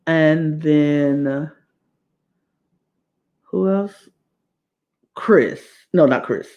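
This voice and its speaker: A woman podcast host talks through a reality-show episode in a loose, rambling recap, circling back to say the same thing twice. Her voice has a gravelly, creaky edge. She takes her time, drawing out her words at a slow, easy pace. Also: deep voice, muffled recording. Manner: rambling, repeats phrases.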